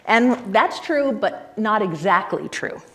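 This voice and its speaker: Woman lecturing at a conference, chatty and lively, lots of ums, mid pitch. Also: takes it slowly. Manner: lively, explanatory, with fillers and asides to the audience. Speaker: conference speaker.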